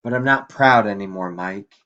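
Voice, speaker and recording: A man's voice: lowish voice, moderate pace, a bit bright, highs cut off, natural voice. A man voicing a frail old grandmother in a nursing home, drifting and regretful, as he reads a story aloud. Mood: pleading. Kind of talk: audiobook reading.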